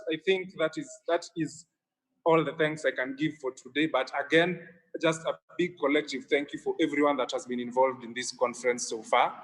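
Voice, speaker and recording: A young man co-hosts a live online event in an upbeat, grateful way. His voice sits a touch high for a man, and he sometimes restarts his sentences. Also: fairly bright tone, low-quality recording. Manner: upbeat, thankful, a little halting. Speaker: conference co-host.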